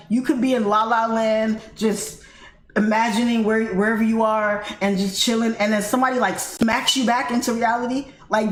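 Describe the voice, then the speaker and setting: Woman, American accent, animated storyteller, fairly high voice, echoey room. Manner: animated, laughing, addresses viewers as guys. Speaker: livestream host. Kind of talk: casual storytelling to viewers. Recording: echoey room with faint noise.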